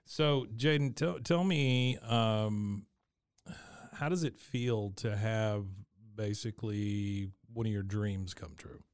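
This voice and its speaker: A man's voice: on the low side, slow, a little mellow, clean tone, dry recording, clean studio sound. A man co-hosting a podcast, interviewing a guest with friendly questions and easy laughter. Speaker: podcast co-host. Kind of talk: casual interview.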